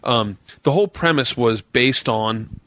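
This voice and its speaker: A man in his forties, a podcast guest, tells an animated story, swearing freely and acting out what other people said. His mid-range voice is a little slow, with no echo.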